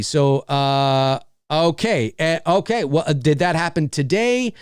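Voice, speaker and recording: A man's voice: fairly high pitch, lively intonation, a little slow, clean tone, no room sound, studio quality. A middle-aged man and voice actor hosting a casual livestream, rambling with lots of fillers as he reads viewer messages. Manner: rambling, many fillers and restarts.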